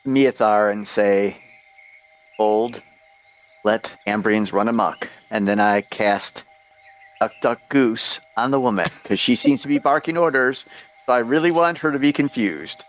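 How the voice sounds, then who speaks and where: Man, tabletop player, casual, first-person actions, mid-range pitch. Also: normal speed. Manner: describes his character's actions in first person.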